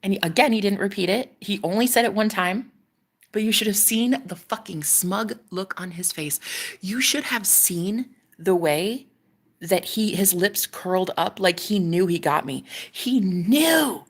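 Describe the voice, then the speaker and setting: A woman vlogger casually telling a personal story to her viewers, animated and swearing, often dropping into a whisper. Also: mid-range voice, moderate pace.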